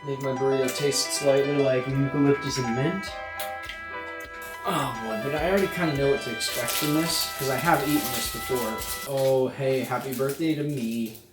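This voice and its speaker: A man talks from his car at a drive-thru in a rambling, self-mocking way, full of jokey asides. His voice sits at an ordinary pitch, and loud music plays behind him. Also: fairly even intonation, moderate pace. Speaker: food reviewer vlogger. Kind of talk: comedic vlog monologue.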